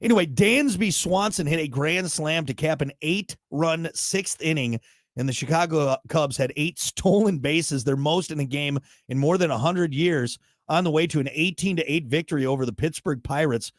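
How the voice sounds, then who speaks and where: A man's voice: on the high side, moderate pace, no room sound, clean studio sound. A man co-hosting a casual morning show, joking and rambling through sports news. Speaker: radio show co-host.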